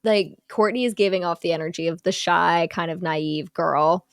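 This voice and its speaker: Animated young woman recapping a film. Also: lowish voice, normal speed, no room sound, clean studio sound. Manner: animated storyteller, acts out film characters in quotes. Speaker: podcast host recapping a film. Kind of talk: casual chat.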